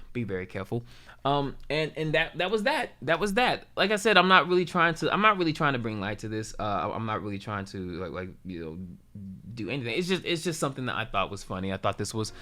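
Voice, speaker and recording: A man who is a YouTuber tells a story in a casual vlog, his medium-pitched voice a bit bright. He swears freely and rambles, stumbling and restarting often.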